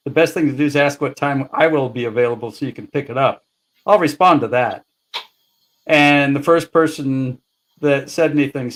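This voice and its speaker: A man's voice: mid-range voice, normal speed. A man chatting casually on a livestream, dropping dry joking asides. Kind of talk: casual chat. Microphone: livestream video call.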